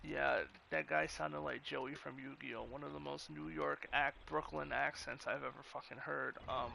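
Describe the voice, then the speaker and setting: A man's voice: on the high side, fairly even intonation, normal speed, gravelly, bright, forceful tone, slight background noise. A man casually commenting on a game he plays, rambling and profane, often restarting his sentences. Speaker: gamer. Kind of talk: gameplay commentary.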